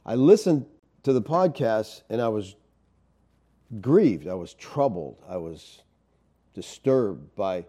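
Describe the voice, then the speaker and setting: A man's voice: lowish voice, expressive, takes it slowly, long pauses, mellow. A man teaching a Bible study as a sermon, in a conversational way, often checking in with "okay?" and "you know".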